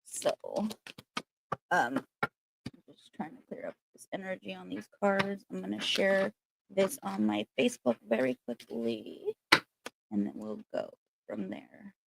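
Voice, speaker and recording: A woman's voice: medium pitch, big pitch swings, measured pace, creaky, long pauses, noisy background. Chatty woman rambling on a livestream. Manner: rambling, filler-heavy, chatty. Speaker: spiritual livestream host. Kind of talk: casual livestream chat. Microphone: laptop.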